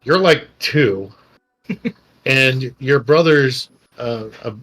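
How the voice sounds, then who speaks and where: A middle-aged man, a podcast co-host, telling personal stories in a rambling, animated way and acting out quotes. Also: medium pitch, extremely slow. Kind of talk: casual storytelling chat. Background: faint background music.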